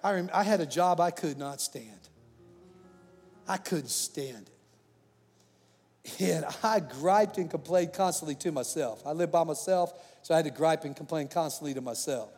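A man preaching a sermon as pastor, animated, swinging between loud, rising passages and hushed asides. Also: a little high, moderate pace, husky, big-room sound, soft background music.

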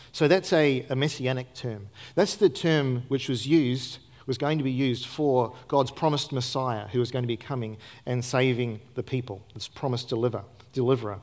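A man preaching a sermon to his church as pastor, earnest and emphatic, asking the congregation rhetorical questions and rising and falling in loudness for stress. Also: medium pitch. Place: church service.

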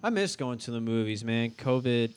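A young man in his twenties co-hosting a podcast. He talks in a laid-back, joking way, trading quick banter with his friends. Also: mid-range voice, animated, slight background noise. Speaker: podcast co-host. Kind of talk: casual chat.

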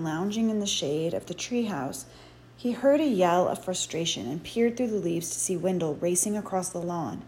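A woman reading an audiobook chapter in measured, expressive storytelling narration. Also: medium pitch. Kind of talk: scripted narration.

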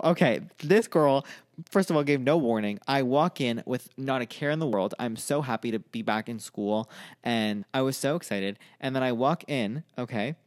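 A young man co-hosting a podcast, telling his side in mock-indignant, teasing casual chat. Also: mid-range voice. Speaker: podcast co-host.

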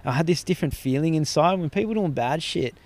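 A man's voice: fairly high pitch, expressive, fast talker, darkish tone, no echo. An Australian man talking as a podcast guest, rambling through stories and swearing freely in casual conversation.

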